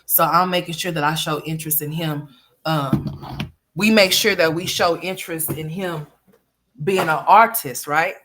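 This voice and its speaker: A woman's voice: low voice, steady tone, unhurried, background noise. A woman hosting a casual livestream, chatting with viewers and turning to talk to her son at home. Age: adult parent. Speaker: livestream host.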